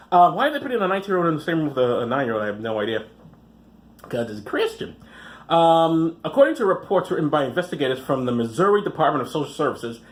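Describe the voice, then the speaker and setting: A man hosting a podcast, reading news articles aloud and breaking in with sarcastic, profane asides. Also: on the high side. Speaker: podcast host. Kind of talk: casual commentary reading news.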